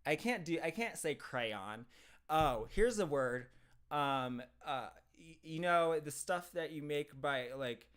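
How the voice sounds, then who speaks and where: A man's voice: a little high, a bit bright, smooth. A man with a Midwestern American accent from southern Ohio, chatting casually on a live stream, rambling and laughing often as he answers viewers. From southern Ohio, USA.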